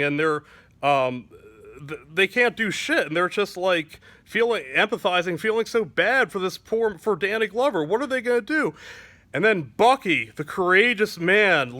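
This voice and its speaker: A male comedian rambles through a crude comic story, full of fillers and restarts. His voice is bright and fairly high, and the sound is dry and close. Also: no echo.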